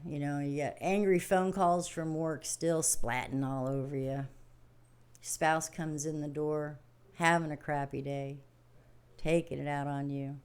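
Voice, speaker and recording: Folksy middle-aged woman, slightly low voice. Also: a little mellow, smooth. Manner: rambling, repetitive, laughs often; plain-spoken, folksy. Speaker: livestream host. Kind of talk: casual spiritual talk.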